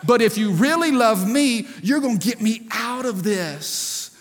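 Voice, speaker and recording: A high, whiny toddler girl begs in a sing-song voice, as a man puts her on. Her pleading rings out in a long, echoing hall. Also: animated, unhurried, exaggerated voice.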